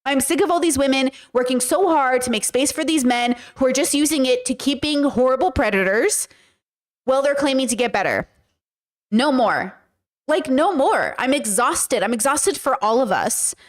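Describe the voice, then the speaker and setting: A high-pitched woman from the Bronx, hosting a reaction podcast. She talks in a heated, exasperated rush of slang and keeps calling her listeners bros and girl. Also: lively intonation, normal speed. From the Bronx, New York. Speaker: podcast host. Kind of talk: reaction commentary.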